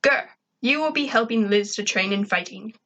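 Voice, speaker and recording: A proud male alien invader who barks blunt orders and talks about himself in grand terms, as a woman reads him aloud. The voice sits fairly high and commands without softening anything, in a homemade story reading. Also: animated, normal speed. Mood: commanding.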